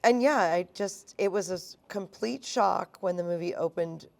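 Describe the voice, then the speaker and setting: Gravelly-voiced woman, animated screenwriter. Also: on the low side, moderate pace. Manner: enthusiastic, laughs often, animated storytelling. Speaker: screenwriter guest. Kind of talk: animated conversational interview. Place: cinema event with live audience. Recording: live event with audience.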